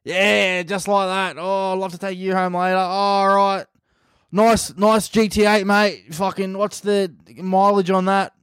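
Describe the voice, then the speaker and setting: A man's voice: sits high, little pitch movement, measured pace, fairly bright tone, clear, resonant tone, no echo, studio quality, pitched above the performer's own voice. A man doing a matey Australian cop, raised voice. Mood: cheeky friendly. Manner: matey, slangy, laid-back banter. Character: overly friendly, crude Australian male cop.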